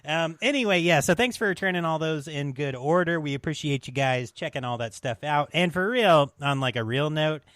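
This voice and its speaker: A man co-hosting a podcast in casual chat, loose and quick to laugh, swearing freely. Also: on the high side, a bit bright, no echo. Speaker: podcast co-host.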